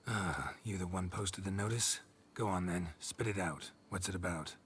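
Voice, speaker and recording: An actor voicing a blunt, gruff monster-hunting witcher in video game dialogue, with short, dry replies. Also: low voice, normal speed, a bit bright, a little hiss or hum.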